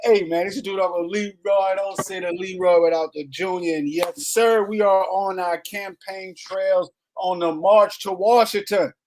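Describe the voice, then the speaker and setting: A man's voice: high-pitched, steady tone, normal speed, few pauses. A man with a New Orleans accent co-hosting a casual podcast, hyped and chatty, leaning on "you know". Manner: hyped, repeats greetings, drawls "you know". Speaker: podcast co-host.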